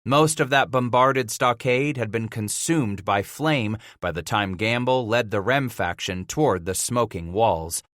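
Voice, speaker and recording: Brief: male narrator, bright clear tone, dry close sound, measured delivery. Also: fairly low pitch, no room sound. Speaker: audiobook narrator. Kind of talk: dramatic audiobook narration.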